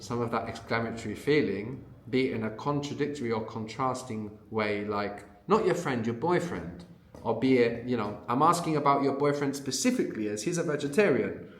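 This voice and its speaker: A man's voice: medium pitch, animated, normal speed, echoey room. A man leading a spoken language lesson, patiently explaining and prompting his student to answer. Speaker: language teacher.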